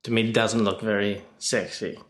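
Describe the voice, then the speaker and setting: Joking Australian man, fairly low voice. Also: little pitch movement, moderate pace. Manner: joking, cheeky. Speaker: guest correspondent. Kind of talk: casual chat.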